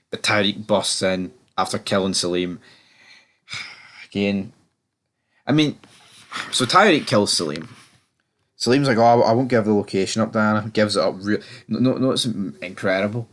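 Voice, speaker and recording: A man casually reviewing a TV episode, rambling, stammering over words and swearing now and then. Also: lowish voice.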